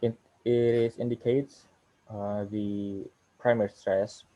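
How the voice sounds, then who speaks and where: Young male student presenter, slow and halting, slightly low voice, muffled lo-fi recording. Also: flat delivery, a little hiss or hum. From Indonesia. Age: young adult. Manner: halting, walks through slide examples. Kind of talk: class presentation on phonetics.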